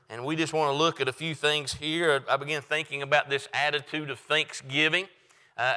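A man preaching a Sunday sermon as pastor, telling a folksy joke story and reading scripture slowly. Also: on the high side, bright, forceful tone. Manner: folksy storytelling with joking asides; reads scripture slowly and deliberately.

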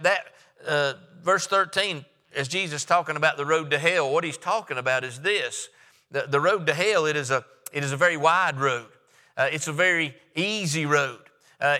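A man's voice: on the high side, pushed and bright, clear, resonant tone, long reverb tail. A man, a pastor preaching a sermon in a church, emphatic and repetitive, with frequent filler sounds.

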